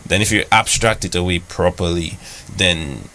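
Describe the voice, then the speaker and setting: A young man from Dominica, a software engineer guest on a radio interview, explaining things casually with lots of "like" fillers. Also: low-pitched, moderate pace, slight background noise, poor audio.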